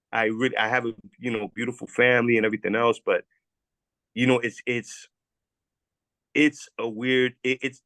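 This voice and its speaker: A man's voice: medium pitch, fairly bright tone, dry recording. A man speaks with raw, heartfelt earnestness, his sentences breaking off and starting again as he repeats words. His voice sits in an ordinary middle register, recorded dry and close with no room sound around it. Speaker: former guest sharing recovery story. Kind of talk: emotional testimonial.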